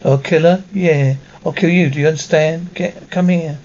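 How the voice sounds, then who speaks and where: Threatening gunman read by a man, agitated, somewhat high voice, dull muffled audio. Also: steady tone, moderate pace, a little mellow, close to an everyday voice. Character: menacing male gunman holding a hostage. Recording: muffled lo-fi recording.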